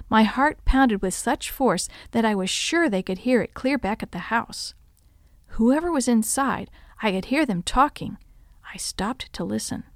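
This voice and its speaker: A woman reading a story aloud in measured, expressive narration, dropping to a hush in tense passages. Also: mid-range voice, no echo, clean studio sound.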